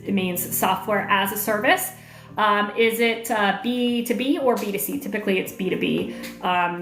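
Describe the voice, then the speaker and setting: A slightly bright, mid-range female voice belongs to an online marketing coach running a livestream. She keeps things casual, reading viewer comments out loud and fielding questions with many fillers, while faint music plays in an echoey room.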